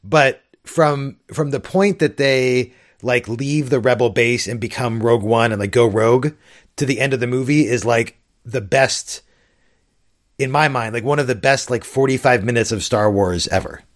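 A man's voice: medium pitch, moderate pace. Chatty man hedging with "like". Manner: thoughtful, hedging with "like" and "I mean". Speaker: podcast co-host. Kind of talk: casual chat.

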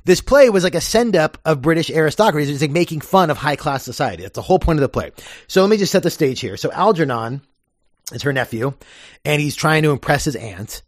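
A man's voice: fairly high pitch, expressive, fast talker, no room sound, clean studio sound. Chatty podcast host man. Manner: chatty, explains with many fillers. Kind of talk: casual podcast chat.

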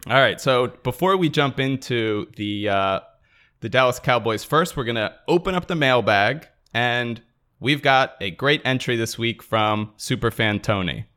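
A man co-hosts a casual podcast. He trades dry, teasing remarks with his co-host. His voice sits at an everyday pitch. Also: animated, measured pace, pushed and bright. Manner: dry, teasing delivery with mock-formal intros.

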